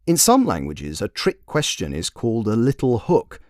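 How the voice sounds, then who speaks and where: A man's voice: mid-range voice, huge pitch swings, moderate pace, dry recording, clean studio sound. A man narrating a fairy tale he wrote, in a wry, playful storytelling manner. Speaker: storyteller and author.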